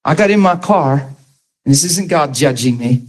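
A man's voice: a little high, animated, measured pace, rough recording. A man preaching an earnest testimony sermon, talking to his audience directly and conversationally.

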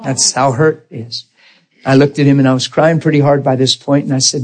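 A man preaching, telling a personal story in an earnest, animated way and acting out the dialogue. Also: medium pitch, brisk, rough recording. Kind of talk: storytelling sermon.

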